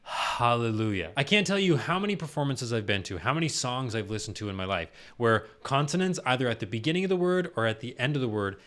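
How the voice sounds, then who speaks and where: A man commentating as a vocal coach, in a mid-range voice of ordinary pitch. He talks through the singing at a steady teaching pace. He breaks into brief sung examples to show a sound. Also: fast talker, few pauses. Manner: explanatory, demonstrates sounds with his voice. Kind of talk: music reaction commentary.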